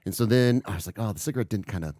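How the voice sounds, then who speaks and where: A man's voice: on the low side, rapid-fire, warm tone, dry recording. A man co-hosting a podcast, telling a long story in casual chat and swearing freely. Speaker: podcast co-host.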